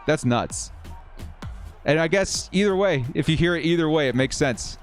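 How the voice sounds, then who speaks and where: The host of a football simulation live stream speaks at normal speed with a fairly high, animated voice. He casually narrates each play and chats with his viewers in the gaps, faint 1980s-style music playing in the background.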